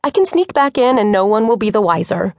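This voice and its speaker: A woman narrator playing a brisk, teasing young woman boss. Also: mid-range voice, very animated, a little mellow, no echo, clean studio sound.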